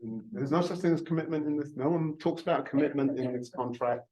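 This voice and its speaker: Speaking quickly in a slightly high, warm voice, a man in his fifties who works as a real estate broker jokes and teases himself through a live training talk, often restarting his words. The audio is poor.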